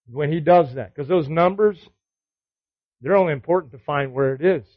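A man's voice: fairly high pitch, normal speed, no echo, muffled recording. A man teaching a Bible study to other men, exhorting them with repeated commands and rhetorical questions. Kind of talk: sermon.

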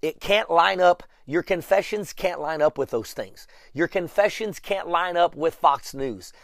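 A man's voice: on the high side, measured pace, vocal fry, a bit bright, no echo. Male preacher, emphatic and repetitive, recorded close and dry. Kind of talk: sermon.

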